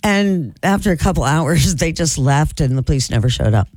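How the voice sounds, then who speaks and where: A woman hosting a radio show, spinning a story with lively ups and downs in her pitch. Her voice sits close and dry on a studio microphone, with no room around it. She talks in a chatty, animated way. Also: moderate pace, no room sound. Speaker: radio host. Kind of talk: casual on-air chat.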